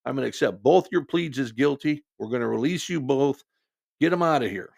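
A man's voice: medium pitch, lively intonation, brisk, vocal fry, a little mellow, dry recording, studio quality, voice pushed up. A man voicing a weary older judge who talks bluntly and without patience. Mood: stern. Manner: blunt, no-nonsense.

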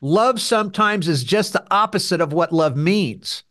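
High-voiced man with firm opinions. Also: animated, normal speed, fairly bright tone. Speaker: podcast co-host. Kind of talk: casual podcast conversation.

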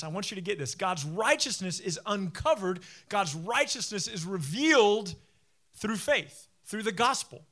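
A man's voice: sits high, fairly bright tone. A man preaching a sermon as pastor, conversational and digressive, with joking asides and explanations of word meanings.

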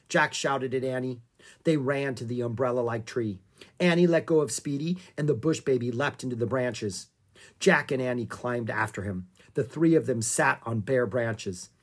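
A reader narrating a children's chapter book aloud with expressive storytelling. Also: medium pitch. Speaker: audiobook narrator.

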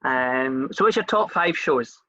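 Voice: mid-range voice, animated, measured pace, bright, forceful tone, highs cut off. A Scottish interview host chatting casually, rambling a little with fillers and restarts.

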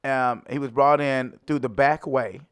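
A man in loud, profane, laughing podcast banter. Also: mid-range voice, fairly even intonation, a little slow, clear, resonant tone.

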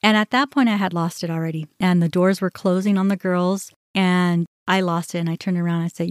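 A middle-aged woman hosting a podcast, telling a personal story in an animated way, often quoting herself and others. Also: lowish voice, brisk, hardly any pauses, clear, resonant tone, dry recording, studio quality. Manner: animated, quotes herself and others, restarts when upset. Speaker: podcast host.

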